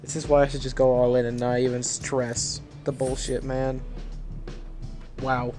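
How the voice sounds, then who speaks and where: A man's voice: mid-range voice, flat delivery, a little slow, darkish tone. A man streaming a video game, commenting live, swearing often and talking to himself as he plays. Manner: frustrated, swears a lot, talks to himself. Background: game music.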